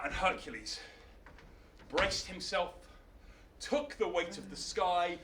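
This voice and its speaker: A man telling a myth on stage in a playful, animated live storytelling style. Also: sits high, slow pace, long pauses, recorded from a distance, a little hiss or hum. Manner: animated, playful, laughing asides. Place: arts centre stage, live show. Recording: roomy hall, mic from afar.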